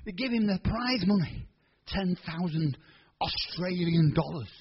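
Husky preacher in his sixties. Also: high-pitched, a little slow, highs cut off. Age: 60s. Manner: animated, colloquial storytelling with quoted voices. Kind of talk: storytelling sermon.

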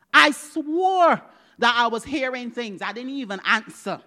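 A woman preaching a personal testimony, dramatic, moving from loud exclamations to hushed whispers and acting out dialogue. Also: on the high side, animated, a little slow. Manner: acts out quoted dialogue with God.

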